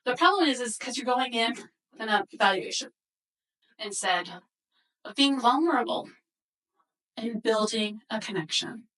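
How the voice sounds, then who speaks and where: A woman's voice: on the high side, animated, moderate pace, long pauses, a bit bright, distant mic, poor audio. A woman presenting a workshop to a live audience, telling a story and acting out the quoted dialogue. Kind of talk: workshop talk with slides.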